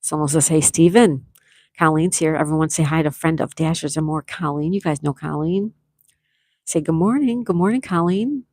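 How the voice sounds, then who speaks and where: A woman hosts a relaxed morning livestream, reading out chat messages and gushing thanks to viewers one after another. Her voice sits fairly low, and the sound is close and dry with little room echo. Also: normal speed. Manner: effusive, thanks viewers by name, reads chat aloud. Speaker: livestream host. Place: at home with a view, morning tea.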